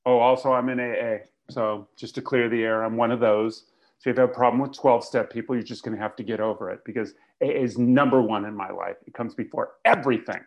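A man's voice: mid-range voice, steady tone, quick pace, lo-fi sound. A man speaking to a recovery meeting, telling his story with candid, blunt, self-mocking humor. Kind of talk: confessional comic storytelling.

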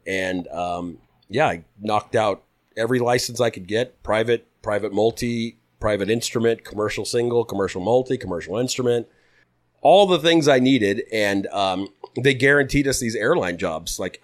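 A man in his thirties, a podcast guest, telling stories in a relaxed, casual way, swearing freely and acting out what people said. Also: lowish voice, moderate pace. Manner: relaxed, swears freely, acts out quoted dialogue. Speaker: podcast guest, pilot turned putter maker. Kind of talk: casual storytelling.

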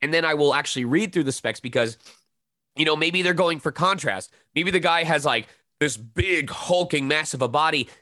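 A man in his thirties, a voice actor talking casually in an interview, lively and quick to slip into demonstration voices. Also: on the high side, no echo, studio quality. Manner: animated, demonstrates voices mid-sentence. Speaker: voice actor guest.

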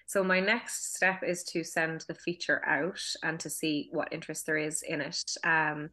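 Her voice is low-pitched and level, a little slow, with a pushed, bright quality. She's a filmmaker in her thirties from Cork, Ireland, who also directs an acting school, and in a casual at-home interview she speaks in a Cork accent, chatty, laughing often and full of restarts and fillers.

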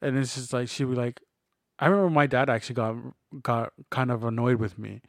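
A man in his thirties talks through his faith in an earnest, reflective way. His voice sits at an ordinary middle pitch. The sound is dry and close, with no room around it. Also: steady tone, a little fast, no echo. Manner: reflective, earnest, retells conversations in quoted voices. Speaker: podcast co-host. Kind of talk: casual faith conversation.

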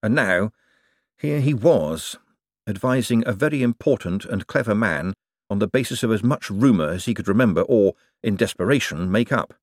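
A man narrating an audiobook in an expressive, storytelling manner. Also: fairly low pitch, moderate pace, no echo, studio quality.

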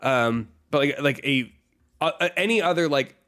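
A man's voice: mid-range voice, normal speed, fairly bright tone. A man co-hosting a gaming podcast, chatting casually and rambling with lots of "like" fillers. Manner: rambling, heavy use of "like" fillers. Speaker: podcast co-host. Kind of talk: casual chat about video games.

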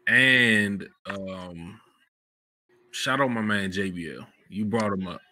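A man hosting a podcast, talking in a relaxed, slangy way about wrestling memories, jumping up in pitch when excited. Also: slow pace, a little hiss or hum. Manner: relaxed slangy storytelling, bursts of high excitement. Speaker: podcast host. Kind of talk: casual chat.

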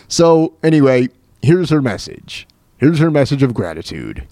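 A male radio host chatting on his own show in a loose, rambling way, often circling back and restarting his sentences. His pitch swings freely up and down, and the sound is dry and close, with no room around it. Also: lively intonation, a little fast, mellow, no room sound. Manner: rambling, with many restarts and fillers. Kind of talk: casual solo radio talk.

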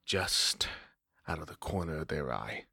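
A man's voice: lowish voice, measured pace, fairly bright tone, husky, no room sound, clean studio sound, exaggerated voice. A man voicing a scrawny, androgynous punk vampire who talks in slangy, drawling threats and sometimes sinks into a whisper. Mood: warning. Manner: slangy, drawling tough talk.

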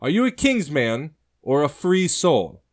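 A man's voice: a little high, big pitch swings, measured pace, voice pushed up. A man voicing a stern, protective older brother in a storybook reading, tart and blunt. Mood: suspicious.

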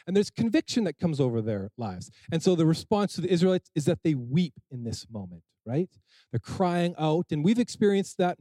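Animated male pastor preaching. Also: on the high side, dry recording, rough recording. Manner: animated storytelling, acting out scripture scenes. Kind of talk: sermon.

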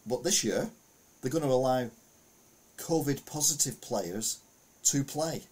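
A man's voice: medium pitch, lively intonation, unhurried, a little mellow, slightly rough. A man casually reading news headlines aloud and adding rambling, self-correcting comments full of fillers.

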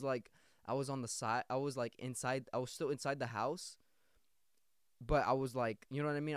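A man's voice: mid-range voice, clean tone, no echo, studio quality. Young man rambling through a story. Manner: rambling and profane, full of slang and restarts. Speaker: podcast host. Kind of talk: casual storytelling.

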